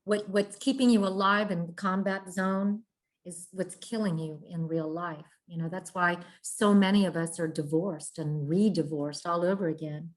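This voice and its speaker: A woman's voice: on the low side, fairly even intonation, moderate pace. A woman veteran hosting the show, chatting casually and making her points with emphasis. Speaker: host, veteran. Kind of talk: casual conversation.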